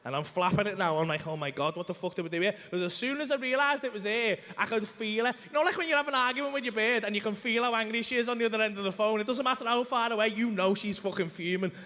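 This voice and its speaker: A man doing stand-up in a comedy club, telling a story in an animated, sweary way and acting out the voices of the people in it. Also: high voice, fast, few pauses. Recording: live club room with reverb.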